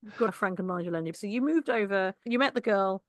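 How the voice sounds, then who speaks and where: A woman co-hosting a casual podcast, jokey and quick to laugh. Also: mid-range voice, no echo. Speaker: podcast co-host, comedian.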